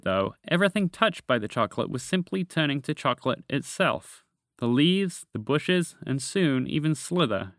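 A man narrating a children's storybook tale as the podcast host, in a gentle, measured reading voice. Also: medium pitch, dry recording, studio quality.

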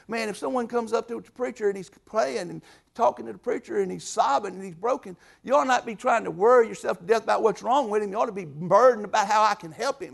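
A man preaching a sermon, telling folksy stories and swinging from soft asides to loud bursts. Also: sits high, fast, vocal fry.

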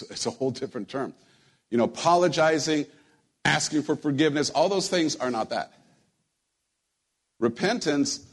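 A man preaching a sermon to his church in a relaxed, conversational way, joking with the congregation and often repeating his words. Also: medium pitch. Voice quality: husky. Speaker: pastor. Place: church sanctuary.

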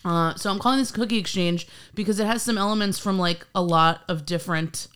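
A woman's voice: lowish voice, brisk, fairly bright tone, smooth. A woman from Florida hosting a casual podcast, opening with a sing-song intro and then chatting easily with her co-hosts. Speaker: podcast host. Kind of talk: casual chat.

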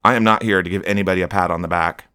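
A man's voice: sits low, fairly even intonation, very fast, pushed and bright, clear, resonant tone, no echo, studio quality. A man preaching a stern, scolding sermon on his podcast, rebuking his listeners.

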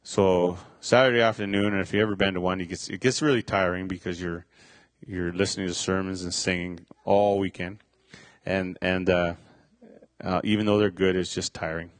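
A middle-aged man telling a personal faith testimony, halting, with many fillers and restarts. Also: deep voice, steady tone, dry recording. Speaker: speaker sharing a testimony.

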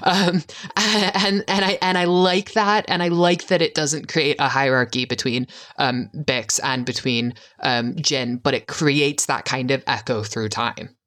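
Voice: medium pitch, fairly even intonation, measured pace, fairly bright tone. A podcast co-host talking through a TV episode with passion, cursing and losing the thread mid-sentence. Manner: passionate, swears, wanders mid-thought. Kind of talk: casual chat, TV episode discussion.

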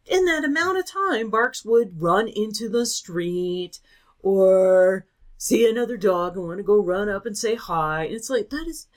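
A woman's voice: medium pitch, expressive, measured pace. A woman co-hosting a casual chat, ranting and swearing freely as she tells a story.

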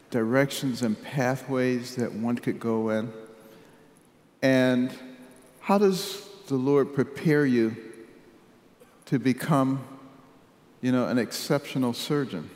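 A man in his seventies from Detroit telling his life story in a measured, wry way, his voice dropping softly at serious moments. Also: mid-range voice, a faint crowd. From Detroit, United States. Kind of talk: personal storytelling speech. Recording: echoey hall with long reverb.

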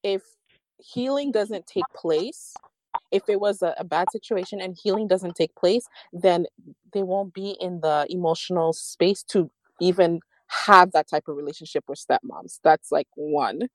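A woman host asking reflective questions in an interview, speaking in an affirming, measured way. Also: on the low side, fairly even intonation, dry recording. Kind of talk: interview podcast.

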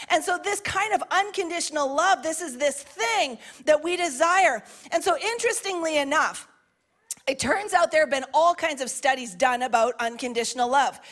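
A woman's voice: high voice, fairly bright tone. A woman pastor delivering a sermon, earnest and emphatic, repeating key phrases and dropping in casual asides.

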